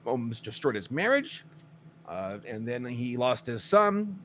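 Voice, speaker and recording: Animated man on a casual podcast. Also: medium pitch, a little slow, slight background noise. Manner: animated storyteller, acts out quotes, swears. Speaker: podcast co-host. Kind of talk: casual chat.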